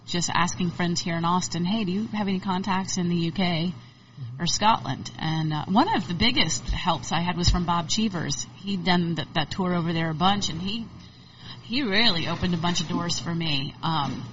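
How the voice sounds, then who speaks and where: A woman's voice: lowish voice, normal speed, fairly bright tone, distant mic, dull audio, slight background noise. A woman musician chatting as an interview guest, rambling and laughing often. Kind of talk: casual interview chat.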